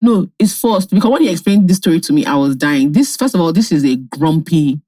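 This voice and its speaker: A woman's voice: deep voice, fairly quick, no room sound. Nigerian woman co-host, dry close sound. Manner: lively storyteller. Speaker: podcast co-host. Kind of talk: casual podcast chat, reading listener letters.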